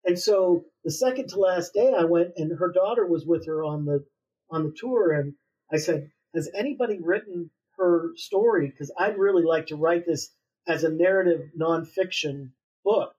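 A man author being interviewed, telling a long story in a relaxed way with many fillers and pauses. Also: high voice, breathy edge. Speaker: author guest. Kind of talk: conversational interview. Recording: distant, dull lo-fi sound.

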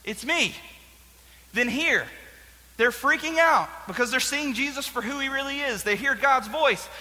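A young man teaching a Bible story to a group in a casual, joking, animated way. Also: extremely high pitch, normal speed. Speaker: youth pastor. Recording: long hall reverb.

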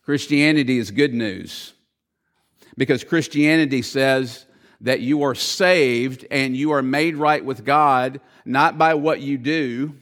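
A man's voice: medium pitch, a bit bright. A man preaching a sermon as pastor, earnest and emphatic, telling stories to drive points home.

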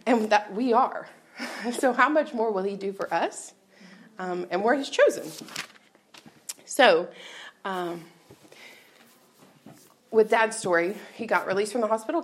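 A woman tells a personal faith story to a church crowd from the stage. Her voice has a gravelly, fry-laden edge, and she keeps it candid and chatty, often slipping into laughter. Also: medium pitch. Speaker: speaker at a church gathering. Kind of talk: personal testimony talk.

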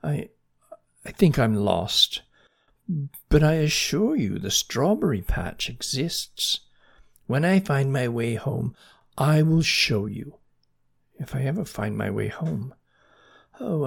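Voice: mid-range voice, big pitch swings, slow pace, gravelly, breathy edge, heavily acted. A storyteller voicing a polite, hungry young male banana slug in a children's story. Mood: flustered. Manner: polite, hesitant.

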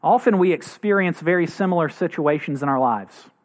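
Guy preaching a sermon, pastor voice, kinda high, earnest. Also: a little fast. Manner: earnest, acts out quoted voices with rising pitch.

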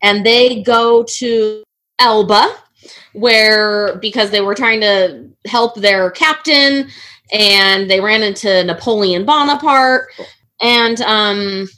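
A woman's voice: mid-range voice, takes it slowly, pushed and bright. A woman on a podcast panel, chatting casually, swearing and laughing a lot as she recounts a story. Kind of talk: casual group chat.

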